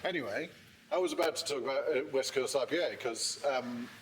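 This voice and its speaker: A man hosting a casual podcast interview, talking with a hesitant, halting manner. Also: mid-range voice, a little hiss or hum. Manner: hesitant, lots of ums and uhs. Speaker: podcast host.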